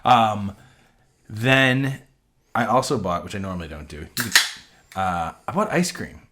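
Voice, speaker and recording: A man co-hosting a podcast from a home setup, rambling and poking fun at himself. His voice sits low. His pitch swings widely as he talks. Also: expressive, measured pace, heavy background noise. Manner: rambling, self-deprecating. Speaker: podcast co-host. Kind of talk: casual chat.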